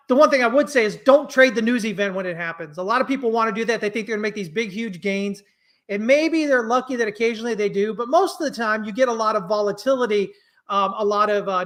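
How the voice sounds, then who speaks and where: A man's voice: high-pitched, fairly bright tone. An American man giving casual trading commentary in a blunt, ranting way, loose and conversational, full of fillers and restarts. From United States. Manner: blunt, ranting, quick to anger.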